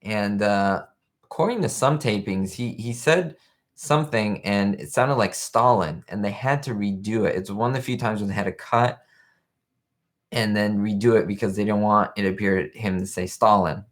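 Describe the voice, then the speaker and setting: A young man talks casually on a live stream, rambling from one thought to the next and stopping to answer viewer comments. His voice sits a bit low and relaxed. He sounds like he is speaking into a webcam setup. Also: normal speed. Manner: chatty, rambling, reads viewer chat aloud. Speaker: show host.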